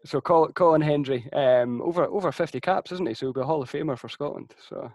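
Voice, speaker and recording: A man hosting a casual sports interview, asking questions in a relaxed, conversational way with frequent fillers. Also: a little high, fast, dry recording. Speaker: interviewer, host.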